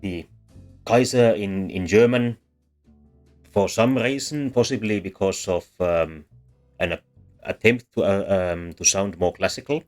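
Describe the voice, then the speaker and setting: A man with a very low voice talks through a lesson in voice-over. He pauses often, with plenty of ums and uhs and restarted phrases. Faint music plays behind him. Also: a little mellow. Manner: hesitant, many fillers and restarts. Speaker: language history explainer.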